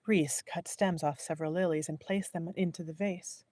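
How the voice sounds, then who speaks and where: A woman narrating a novel in a live audiobook reading, measured and willing to restart a line. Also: sits low, steady tone, darkish tone, no room sound. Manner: measured, restarts lines to correct herself.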